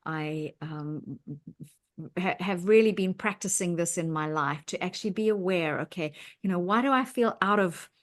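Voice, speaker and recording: A woman's voice: lowish voice, moderate pace. A woman co-hosting a casual mindfulness chat, talking in a reflective way with many ums and restarts. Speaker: podcast co-host.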